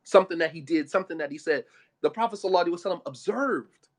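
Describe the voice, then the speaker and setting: Brief: male lecturer, high voice, blunt colloquial sermon on marriage, emphatic delivery. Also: lively intonation, very fast. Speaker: Islamic speaker.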